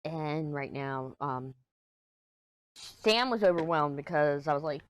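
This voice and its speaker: A crafting vlogger with a fairly low voice vents in a casual, rambling vlog, sounding agitated and frustrated. She talks a little slowly, alone in a small room at home. The sound is dry and close, with no room echo.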